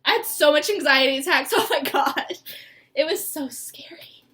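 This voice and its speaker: A woman's voice: high-pitched, moderate pace, sharp tone. A young woman in an emotional sit-down talk, rambling and laughing through tears. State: tearful. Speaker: co-host. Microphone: mic.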